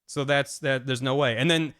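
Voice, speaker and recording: A man hosting a stream, casually recapping a story with friends, acting out the characters' lines in quick paraphrase and rambling through fillers and restarts. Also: mid-range voice, fairly even intonation, fairly bright tone, clean tone. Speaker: streamer host.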